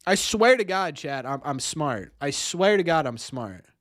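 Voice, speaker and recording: A young man streaming, talking to his chat while he fumbles through a quiz. His voice sits a bit high and swings widely as he goes from panicking to cheering himself on. Keys clatter faintly behind him. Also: very animated, measured pace, a bit bright, no room sound, clean studio sound. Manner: flustered and self-mocking, thinking aloud.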